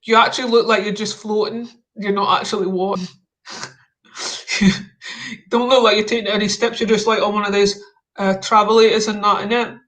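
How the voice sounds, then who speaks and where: A man's voice: sits high, flat delivery, fairly quick, fairly bright tone. A man hosting a live stream, chatting casually with slangy, mock-confrontational banter. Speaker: livestream host.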